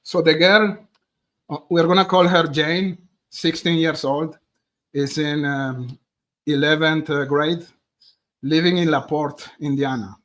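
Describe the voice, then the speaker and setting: A man talks his viewers through a case on a live stream. His voice sits a little high for a man, and his delivery is loose and conversational, full of asides to the audience. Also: fairly bright tone. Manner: chatty, addresses viewers directly as "guys". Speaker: true crime streamer.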